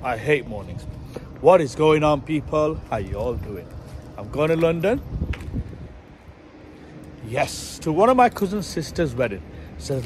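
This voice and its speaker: A man's voice: fairly high pitch, measured pace, pauses often. Chatty male vlogger with noisy street sound. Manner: chatty and excitable, addresses viewers as guys. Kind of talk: casual vlog to camera.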